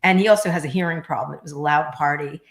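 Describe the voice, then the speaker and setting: Middle-aged woman guest, low voice, blunt and quick, roomy echo. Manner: blunt, fast, joking. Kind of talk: casual interview chat.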